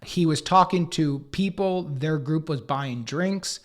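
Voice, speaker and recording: A comedian and podcast co-host, a man, telling anecdotes in an animated way and acting out other people's lines. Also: on the high side. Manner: acts out others' lines in quick put-on voices; swears casually, riffs fast.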